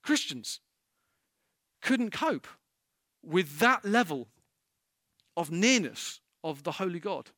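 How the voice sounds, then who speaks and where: A pastor's impassioned sermon comes in a sing-song, slow delivery with long pauses, his high, bright voice rising to emphatic peaks. The audio is dry and close-miked, with no room sound at all.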